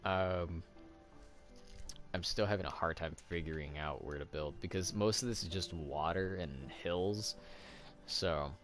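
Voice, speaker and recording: A man's voice: low-pitched, unhurried, faint music behind. A man casually chatting while playing a game, rambling with lots of fillers and little laughs. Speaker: let's play host. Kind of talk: casual gameplay commentary.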